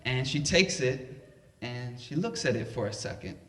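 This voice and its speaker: Unhurried man telling a story live. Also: mid-range voice, animated, bright, forceful tone. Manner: conversational, unhurried, lots of fillers. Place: library event room. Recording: echoey library room.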